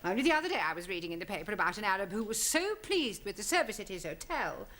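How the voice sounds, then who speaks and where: An actress playing a stern, formal school principal in a 1970s sitcom. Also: female voice, medium pitch, sing-song, fast, bright, forceful tone, slight background noise. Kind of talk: 1970s studio sitcom acting.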